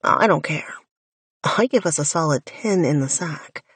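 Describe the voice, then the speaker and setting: A cocky, laid-back young man teases with a lazy drawl, as a woman narrator puts him on. The voice sits a little low and comes slowly, with a soft, breathy edge. It sounds close and dry, with no room around it. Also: expressive, no echo, exaggerated voice. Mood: teasing.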